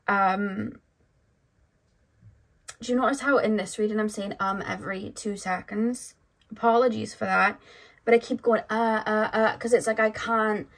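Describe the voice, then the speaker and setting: A woman giving a pick-a-card tarot reading to camera. She muses sympathetically and rambles, with lots of "like" and "um". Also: mid-range voice. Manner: rambling, full of "like" and "um" and restarts; intuitive, sympathetic musing. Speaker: tarot reader.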